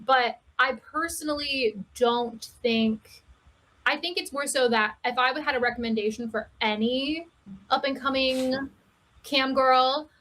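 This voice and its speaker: A woman talking candidly as a podcast guest, telling stories with laughs and quick asides. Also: high voice. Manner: candid, laughing, animated storytelling. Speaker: guest, cam performer. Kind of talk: casual podcast chat.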